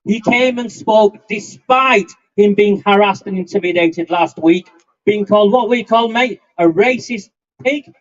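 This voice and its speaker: A man's voice: high voice, a little slow. Angry fifty-year-old man at a rally. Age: 50s. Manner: angry, forceful, defiant. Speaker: rally speaker. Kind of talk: impassioned outdoor rally speech. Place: outdoor street demonstration. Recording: muffled lo-fi outdoor recording.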